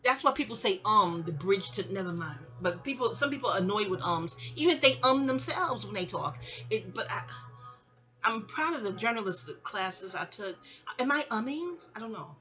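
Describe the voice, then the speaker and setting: A woman's voice: medium pitch, expressive, moderate pace, sharp tone, faint music behind. A middle-aged woman telling a long personal story in a casual, rambling way, often digressing. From New York.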